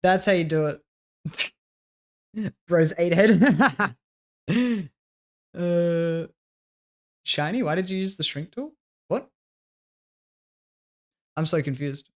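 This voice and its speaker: A livestreamer chats casually with viewers in a medium-pitched, animated voice, drawing out words and pausing at length. They joke, laugh often, and swear, muttering to themself while fiddling with things and trailing off mid-sentence as they work.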